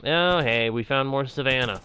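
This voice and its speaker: A man's voice: mid-range voice, normal speed, pushed and bright, slight background noise. A man casually commenting on his own game as he plays, playful and jokily grumbling to himself. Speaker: gaming channel host.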